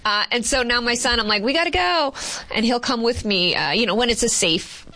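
A woman in her forties from Boston, a TV news reporter chatting as an interview guest, expressive, with quick laughs and frequent fillers. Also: a little high. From Boston, USA. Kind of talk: casual interview chat.

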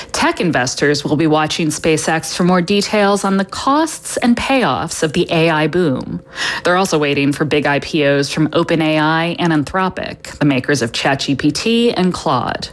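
A woman filing a radio news report with a steady, clear reading. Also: sits low.

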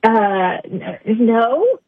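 A woman's voice: on the high side, sing-song, very slow, no echo. A woman answering a phone call, skeptical and incredulous, laughing often at what she hears. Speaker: prank call target. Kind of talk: phone conversation. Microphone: telephone. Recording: muffled phone line.

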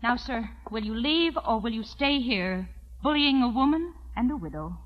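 An actress playing a dignified widow who speaks in a cool, formal and firm manner. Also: female voice, on the high side, expressive, moderate pace, highs cut off, background noise, lightly acted. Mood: indignant. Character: proud dignified young widow, ranch owner.

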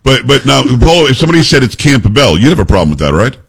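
A middle-aged man hosting a talk radio show, telling stories in a joking, animated way. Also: medium pitch, creaky, slightly rough. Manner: animated storyteller, fast and joking. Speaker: radio host. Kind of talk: casual talk radio banter.

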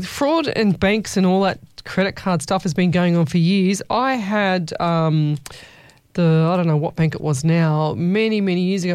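Aussie lady radio host, chatty and playful, smooth clear voice, dry studio sound. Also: on the low side, a little mellow, no echo. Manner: chatty, playful, calls listeners lovey. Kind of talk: casual chat reading listener messages.

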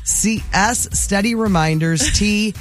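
A woman co-hosts a morning radio show, trading casual banter and reading listener messages aloud. She talks in a chatty, giggly way full of quick asides. Faint music plays underneath. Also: mid-range voice.

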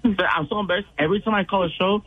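A tipsy man calls in to a radio show and rambles warmly, gushing about the host. His voice is a little high for a man. It comes through a muffled, dull phone line. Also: rapid-fire, slightly rough. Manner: rambling and effusive. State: tipsy from drinking. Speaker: caller. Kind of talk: phone call-in.

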